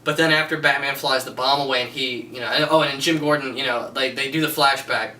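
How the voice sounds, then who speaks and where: A man rambles through a casual film review, gushing and restarting his sentences. His voice is very bright and forceful. It sounds echoey, as if he sits a little way from the mic. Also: medium pitch, fairly even intonation, brisk, far from the mic, slight background noise. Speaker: movie reviewer.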